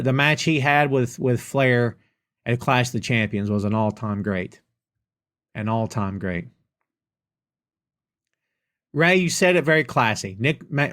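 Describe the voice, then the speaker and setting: A man's voice: mid-range voice, a little slow, pauses often, fairly bright tone, faint music behind. Man hosting a casual chat show. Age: middle-aged. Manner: reads viewer comments aloud and reacts with playful sarcasm. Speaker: podcast host answering audience questions. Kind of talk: casual live-stream chat.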